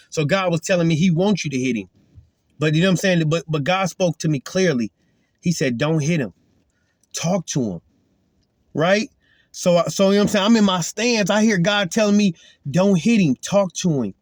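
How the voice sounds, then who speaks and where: A man's voice: fairly high pitch, a little fast, no echo, clean studio sound. A man giving an earnest, emphatic spoken testimony as a Christian, retelling a confrontation in casual talk.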